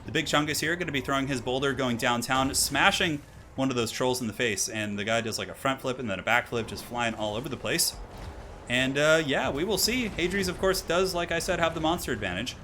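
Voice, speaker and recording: A man casting a strategy game tournament as live play-by-play commentary, with sudden excited high exclamations. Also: a little fast, a little hiss or hum. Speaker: esports caster.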